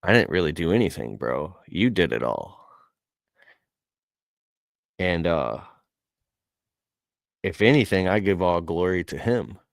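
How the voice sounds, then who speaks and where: A man's voice: sits low, lively intonation, measured pace, vocal fry, long pauses, dry recording. A man telling a personal story in a casual, heartfelt way, earnest and emotional, with casual slang.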